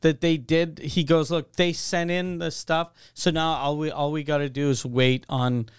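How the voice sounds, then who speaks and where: A man's voice: fairly high pitch, moderate pace, clean tone, no room sound, clean studio sound. A man from Canada co-hosting a podcast, telling a story in casual, profane chat and acting out phone calls. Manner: profane, animated storytelling, acts out quoted calls. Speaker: podcast co-host.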